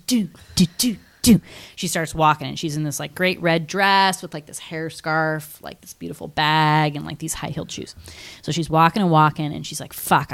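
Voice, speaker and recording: A woman co-hosting a podcast, telling a film's plot in a chatty, animated way with lots of "like" and acted-out quotes. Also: deep voice, gravelly. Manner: animated storytelling with many likes and acted-out quotes. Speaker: podcast co-host. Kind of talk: casual movie recap chat.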